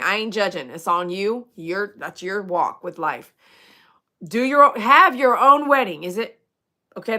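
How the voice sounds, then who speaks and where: A woman's voice: mid-range voice, bright, forceful tone. A woman, a dog groomer chatting casually on a livestream, rambling and joking with her viewers as she reads their comments.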